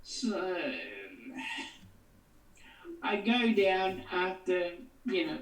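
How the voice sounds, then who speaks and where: Female tabletop player, unhurried speech, roomy echo, sits back from the mic. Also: mid-range voice, fairly even intonation. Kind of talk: tabletop role-play. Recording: echoey, distant mic.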